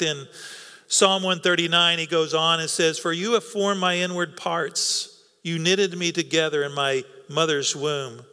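A man's voice: on the high side, pushed and bright, clean tone. A man preaching a sermon in an earnest, coaxing way, repeating words for emphasis. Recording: long reverb of a hall.

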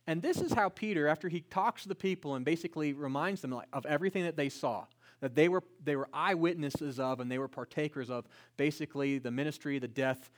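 A man's voice: a little high, fast talker. A man preaching a sermon in a conversational way, asking rhetorical questions and rising to emphatic peaks. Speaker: pastor.

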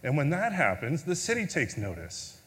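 A man's voice: on the high side, wildly swooping pitch, normal speed, fairly bright tone, in a large hall. A man preaching a sermon as a pastor, telling a story in a conversational way with filler words, then leading a prayer.

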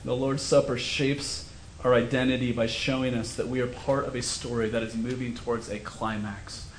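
A man's voice: mid-range voice, flat delivery, moderate pace, roomy sound, slight background noise. A male pastor preaching a sermon in a conversational, storytelling way. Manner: conversational, self-deprecating storytelling. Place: church sanctuary.

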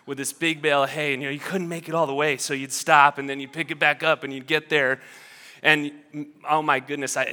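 Guy pastor preaching, bright clear voice, chatty storytelling, big echoey hall. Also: medium pitch. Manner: storytelling, conversational with restarts and asides. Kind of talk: sermon.

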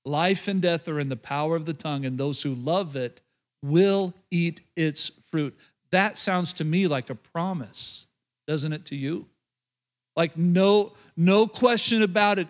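A man preaching a sermon to a live congregation, lively and joking, with quick asides to the room. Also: high voice. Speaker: pastor. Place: church before a live congregation.

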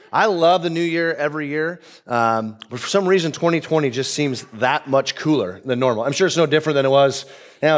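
A man preaching a casual sermon as pastor, nasal from a cold, relaxed and joking with many ums. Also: fairly high pitch. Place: church auditorium.

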